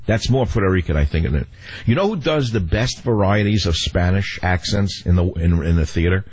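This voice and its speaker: A man's voice: low voice, animated, a little fast, darkish tone, slightly rough, no echo. An older man hosting a talk radio show, rambling wryly and cracking jokes at a studio microphone. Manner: rambling, wry and joking. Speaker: radio host.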